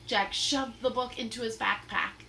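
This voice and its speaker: A woman reading a children's book aloud in an expressive, dramatic storytelling manner. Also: fairly high pitch, normal speed, a little hiss or hum. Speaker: storybook reader.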